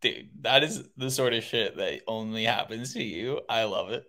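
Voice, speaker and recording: Man, podcast co-host, easygoing, bright voice. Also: fairly low pitch, expressive, moderate pace. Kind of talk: casual chat, show sign-off.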